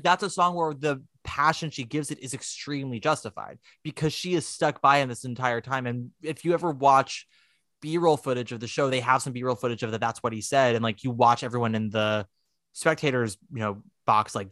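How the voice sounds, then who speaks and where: A man co-hosting a podcast in casual chat, animated and profane, acting out quotes in put-on voices. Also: mid-range voice, dry recording, clean studio sound. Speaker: podcast co-host.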